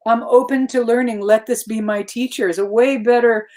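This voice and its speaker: A woman guest in a casual conversation, reflective, turning animated in her quoted asides. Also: a little high, brisk, hardly any pauses.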